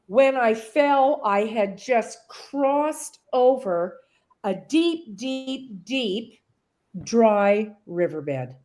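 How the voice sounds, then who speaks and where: Slow-talking middle-aged woman telling her story. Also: a little high, expressive, darkish tone. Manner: rambling, full of restarts, emotional retelling. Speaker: guest. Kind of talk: personal story in an interview.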